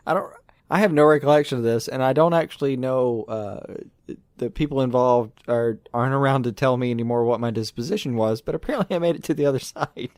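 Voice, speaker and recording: A man's voice: mid-range voice, fairly quick, a little mellow, no echo, studio quality. A man co-hosting a podcast in casual chat, making wry joking asides. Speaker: podcast co-host.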